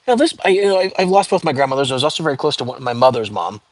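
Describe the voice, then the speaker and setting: A man hosting a casual livestream from home, chatting loosely with viewers, greeting them by name and filling pauses with "um" and "like". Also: mid-range voice, sing-song. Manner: chatty, frequent fillers, reads out viewer comments. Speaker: livestream host.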